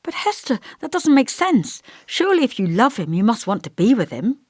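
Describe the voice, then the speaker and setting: In an audiobook dialogue reading with light character touches, a woman narrator voices an earnest, bewildered young woman, tentative and coaxing. Her sing-song pitch rises and falls a lot at a normal speed. The sound is close and dry, with no room sound.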